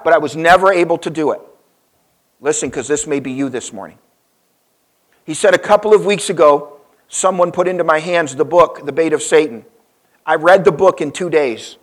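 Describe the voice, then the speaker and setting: A man preaches to his congregation, telling a story with pauses and sudden emphasis. His voice sits a little high for a man. He pushes up loud on key points, then falls soft and low. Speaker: pastor. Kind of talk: sermon.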